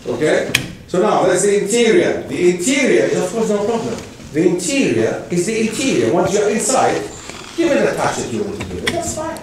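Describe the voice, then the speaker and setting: Male guest lecturer, high voice, emphatic and questioning, echoey hall mic set back. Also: recorded from a distance, noisy background. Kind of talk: public lecture.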